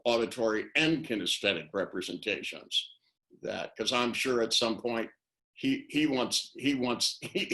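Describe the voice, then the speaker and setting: A man's voice: mid-range voice, a bit bright. An older man on a video call, talking casually and rambling through anecdotes, acting out the phrases he quotes. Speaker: interviewee, NLP trainer. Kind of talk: casual webinar talk.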